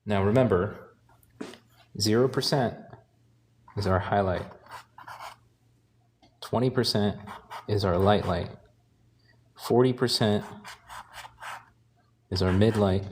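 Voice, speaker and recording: A man teaching painting, talking calmly and thinking aloud while he works, sometimes correcting himself. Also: fairly low pitch, takes it slowly, pauses often, a little hiss or hum. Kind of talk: live painting demonstration.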